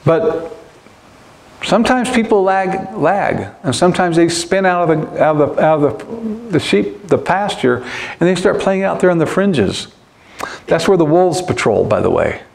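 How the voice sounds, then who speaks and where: A man's voice: high voice, animated, measured pace, gravelly. A man preaching a sermon as pastor in a church, earnest and emphatic, repeating his key points.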